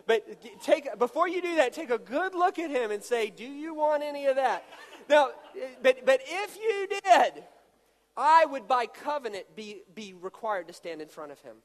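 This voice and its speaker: A man preaching a sermon, joking with volunteers as he acts out a demonstration. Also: high-pitched. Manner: animated, jokey storytelling with volunteers. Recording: long hall reverb.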